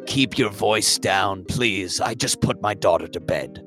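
A man voicing a grumpy, weary older male scholar who grumbles in a low, hushed voice. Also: measured pace, over music, lightly acted.

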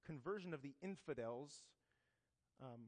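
A man's voice: mid-range voice, animated, a little slow, darkish tone. A man telling a saint's life story in a casual, joking talk, often checking in with "right?" asides. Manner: conversational, frequent "right?" asides and joking comparisons. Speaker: speaker teaching about a saint. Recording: long reverb of a hall.

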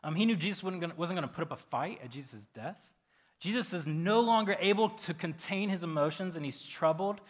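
A man's voice: sits high, expressive, a little fast. A man preaching a casual sermon as pastor, talking loosely and conversationally with lots of fillers.

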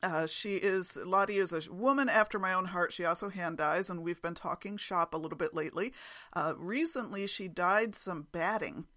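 Woman hosting her own podcast; bright, chatty, quick to laugh at herself. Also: on the low side. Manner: chatty, self-deprecating, laughs often. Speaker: podcast host. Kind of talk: casual solo podcast chat.

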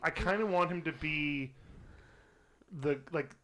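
A man's voice: fairly high pitch, a little slow, a crowd in the background. A man co-hosting a podcast, talking in a loose, rambling way with lots of fillers. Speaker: podcast co-host. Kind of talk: casual chat.

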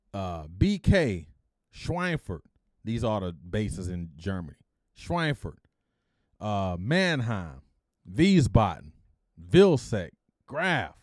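A man's voice: medium pitch, dry recording. Middle-aged man telling a story, dry sound. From Detroit, USA. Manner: animated, acts out quoted voices, blunt slangy asides. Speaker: podcast host. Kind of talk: casual storytelling.

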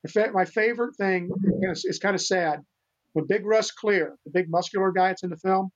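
High-voiced earnest man on dull audio. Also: moderate pace. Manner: earnest, rambling, many restarts. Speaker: podcast guest, animal rescuer. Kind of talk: casual interview storytelling.

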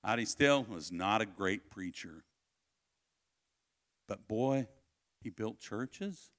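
A man with a bright, ringing voice delivers a camp-meeting sermon. He tells a family story in an animated way, moving from near-shouted proclamations to soft, hushed asides. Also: on the low side, slow pace. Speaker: preacher.

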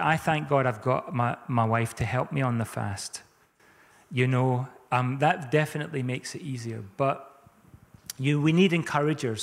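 A man's voice: fairly high pitch, big-room sound. A male pastor giving a sermon in a casual, conversational way, often asking the congregation questions. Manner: conversational, chatty preaching with rhetorical questions. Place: church.

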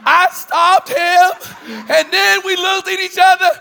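Male preacher, very high tense voice, animated storyteller who breaks into shouts, long hall echo. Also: takes it slowly, vocal fry. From US Northeast. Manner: animated storytelling, repeated questions, bursts of shouting. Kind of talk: storytelling sermon. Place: large church hall with thousands present. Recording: large hall reverb.

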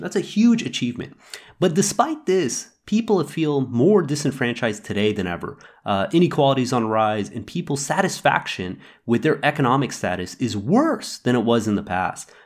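A man in his thirties hosting a podcast, telling a personal story and reflecting in a relaxed, thoughtful way with small fillers. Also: medium pitch. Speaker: podcast host.

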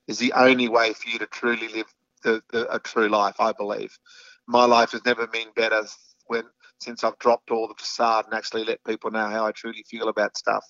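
A middle-aged Australian man, a foundation founder appearing as an interview guest, speaks frankly with many fillers and restarts. His medium-pitched voice sounds pushed and bright, with no room sound, on slightly dull lo-fi audio.

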